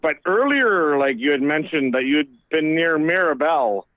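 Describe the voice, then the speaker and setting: Canadian male caller, higher voice, rambling, muffled phone line. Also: lively intonation, moderate pace, dry recording. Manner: rambling, says "like" often. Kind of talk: casual chat.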